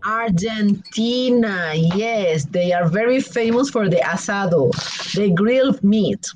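Slow, lively woman teacher. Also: medium pitch, slight background noise, rough recording. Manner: slow, clear, lively questions with options. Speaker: English teacher. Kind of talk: online class quizzing students.

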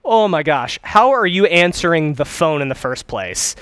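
A young man teaching a course on phone skills, talking in an energetic, conversational way and acting out sample calls. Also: fairly high pitch, normal speed, clean tone, dry recording. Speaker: dental practice consultant.

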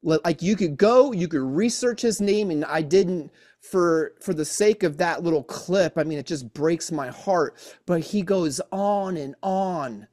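A man's voice: fairly high pitch, measured pace, darkish tone. A man hosting a podcast in casual chat, earnest and often repeating himself, saying "man" a lot. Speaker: podcast host.

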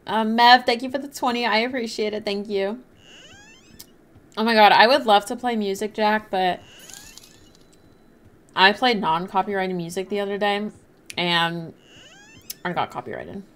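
A woman's voice: mid-range voice, a little slow, long pauses, fairly bright tone. Chatty young woman streaming a game. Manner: chatty, apologetic, reads and thanks chat. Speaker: livestreaming gamer. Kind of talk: casual livestream chat.

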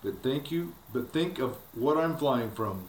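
A man's voice: medium pitch, lively intonation, a little slow. A man voicing a determined young runaway girl who gives urgent orders as he reads a storybook aloud. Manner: urgent and commanding. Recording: echoey room, faint background hiss.

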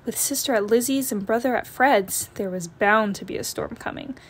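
A woman's voice: fairly high pitch, moderate pace, slightly rough. Woman reading a picture book aloud. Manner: gentle, expressive storytelling. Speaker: storyteller.

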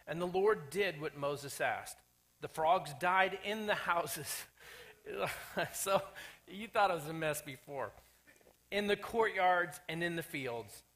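A male pastor delivering a lively sermon, his voice sitting high and bright. He jokes with the congregation and slips into little acted voices for the characters he quotes. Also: slow pace. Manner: animated, acts out quoted characters, jokey asides. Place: church sanctuary.

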